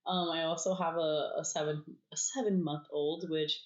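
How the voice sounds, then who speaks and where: A woman's voice: sits low, fairly even intonation, moderate pace. A woman in her thirties, a therapist co-hosting a podcast, chatting casually and laughing often, sometimes dropping to a near-whisper. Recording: echoey room, dull lo-fi sound.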